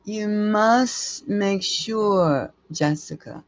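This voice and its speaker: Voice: medium pitch, extremely slow, dry recording. Live tarot reader, dry close sound, blunt and emphatic, rambles, swears freely. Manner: blunt, emphatic advice with repeated phrases; rambling, restarts mid-sentence.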